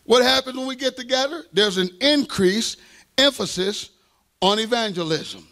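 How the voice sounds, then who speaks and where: A man's voice: very high-pitched, lively intonation, moderate pace, sharp tone. A man pastor preaching a sermon with fervent delivery, call-and-response asides and playful self-deprecating humor.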